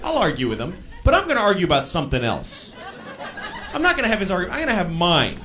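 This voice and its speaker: A man doing a stand-up comedy routine on a club stage, animated and sometimes shouting. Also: high-pitched, fast talker. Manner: animated, bursts into shouted impressions. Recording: live club with crowd laughter and noise. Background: audience laughing.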